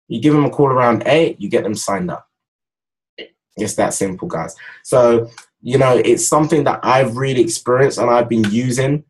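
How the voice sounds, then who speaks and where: A young man giving a casual, energetic sales training talk, repeating his points and addressing viewers as "guys". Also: medium pitch, moderate pace, slight background noise, rough recording. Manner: energetic, repetitive, speaks straight to viewers as "guys". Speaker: network marketing trainer.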